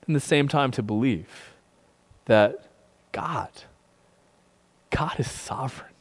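Conversational pastor in a reverberant hall. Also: male voice, mid-range voice, slow, long pauses. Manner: conversational, often says "like" and "right?". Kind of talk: sermon. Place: sanctuary streamed online. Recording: long reverb in a large room.

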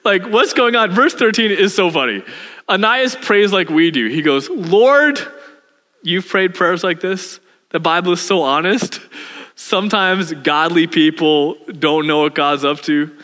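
A man preaching a sermon as pastor, animated and telling the story with humor. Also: a little high, normal speed. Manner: animated storytelling, acts out voices with laughs. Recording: hall reverb.

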